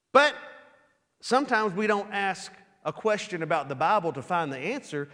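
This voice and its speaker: A high-voiced man preaches in a loose, conversational way, often circling back and repeating words as he restarts a thought. His voice carries a long reverb from the large hall around him. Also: fairly bright tone. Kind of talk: sermon.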